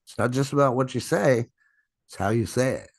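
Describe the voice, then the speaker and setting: A man's voice: medium pitch, moderate pace, dry recording. Emphatic middle-aged sales coach man. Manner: emphatic, repeats "right?" and "my friends"; dramatic, stretches and stresses words. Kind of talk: presenting a sales webinar. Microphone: video call.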